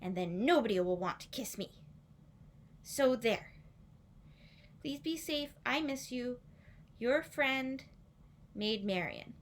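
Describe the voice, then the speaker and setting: A woman's voice: a little high, expressive, slow pace, long pauses, a little hiss or hum, pitched above the performer's own voice. A woman voicing a clever, patient young maiden who talks politely and earnestly in a storybook.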